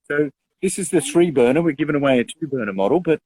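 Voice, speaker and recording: A young man co-hosting a casual live show, chatty and quick to laugh, calling his partner mate. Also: a little high, a little mellow, slightly rough, dry recording, rough recording. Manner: chatty, laughs often, says mate a lot. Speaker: co-host.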